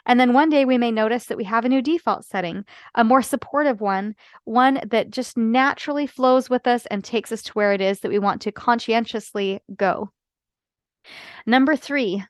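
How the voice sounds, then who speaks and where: A woman life coach talks through her podcast in an earnest, explanatory way, often pausing to check in with her listeners. Her voice sits a little high for a woman. The sound is close and dry, with no room around it. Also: dry recording. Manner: earnest, explanatory, frequent "right?" asides. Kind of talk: solo podcast talk.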